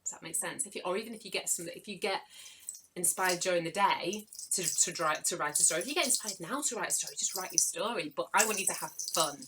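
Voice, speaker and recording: A woman's voice: on the low side, quick pace, noisy background. A woman running a live online writing workshop for children, chatty and encouraging as she greets viewers by name.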